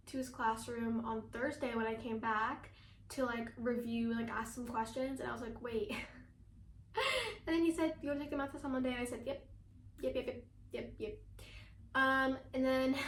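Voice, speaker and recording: Chatty fast-talking teenage girl. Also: fairly high pitch, reverberant, slight background noise. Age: teens. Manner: fast, chatty, lots of fillers and laughs. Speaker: vlogger. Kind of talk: casual chat.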